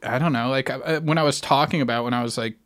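A male comedian guest speaks casually on a podcast. He muses thoughtfully and hesitantly. His pitch sits in a typical middle range. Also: quick pace, fairly bright tone. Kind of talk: casual chat.

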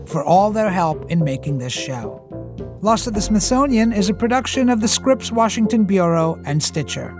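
Higher-voiced male podcast host. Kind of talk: scripted narration and interview.

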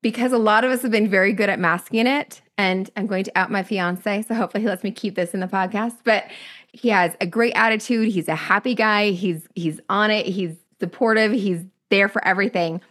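A woman's voice: medium pitch, a little fast, a bit bright. A woman hosting a podcast in casual chat, talking in a chatty way with lots of "like" and laughing easily. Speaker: podcast host.

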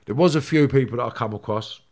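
A middle-aged man, telling stories bluntly in casual chat, full of swearing and halting restarts. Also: mid-range voice, a little mellow. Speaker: podcast guest.

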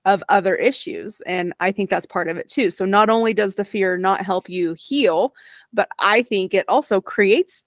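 A woman hosts an interview, cutting in now and then with friendly remarks and a quick apology. Her voice is mid-pitched, and the sound is dry, with no room echo. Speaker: host. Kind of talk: conversational interview.

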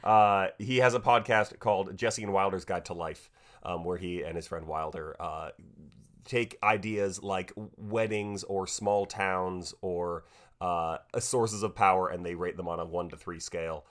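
A man's voice: sits low, steady tone, unhurried, a bit bright. An American man co-hosting a podcast, easygoing and joking as he chats. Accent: American English. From United States. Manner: easygoing, joking, lots of fillers. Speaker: podcast co-host. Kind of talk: casual chat.

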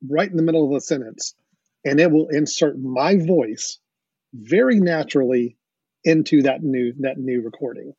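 This podcast host has a fairly high, slightly mellow, husky voice and talks at a moderate pace. He explains things enthusiastically in casual chat, chuckling now and then. The lo-fi audio sounds dull, with no room sound.

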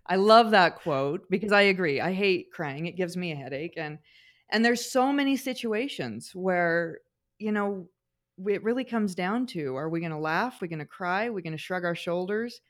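A woman's voice: on the low side, animated, moderate pace. Chatty middle-aged woman telling family stories. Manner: warm storyteller, frequent fillers and restarts. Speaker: podcast co-host. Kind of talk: casual podcast chat.

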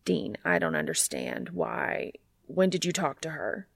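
A woman drops her voice to play an earnest, solemn young man in a fan fiction reading. He speaks quietly and formally with a gravelly fry, recorded close and dry. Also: low-pitched, big pitch swings, a little slow, no echo, heavily acted.

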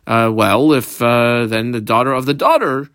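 A man gives a Talmud class in a mid-pitched voice. He reads short phrases of the text and explains each one, pausing often on fillers. The sound is dry and close, with no room around it. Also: fairly bright tone, dry recording. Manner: halting, with frequent "uh" fillers and quick Aramaic readings. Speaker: Talmud teacher. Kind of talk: Talmud lesson, reading and translating.

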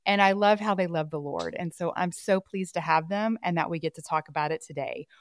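A woman's voice: on the low side, a little fast, no echo. A woman hosting a podcast, upbeat and enthusiastic, speaking into a close studio mic. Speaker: podcast host. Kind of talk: lively scripted podcast hosting.

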